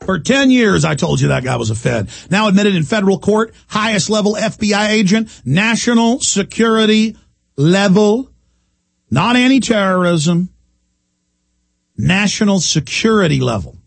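Brief: talk-radio host, male, high and gravelly, heated repetitive monologue. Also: animated, moderate pace, no echo. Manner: emphatic, repetitive, ranting.

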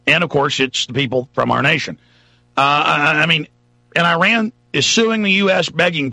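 Man, talk radio host, emphatic rant, bright tone, dry sound. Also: a little high, moderate pace, gravelly, no room sound. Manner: emphatic, ranting.

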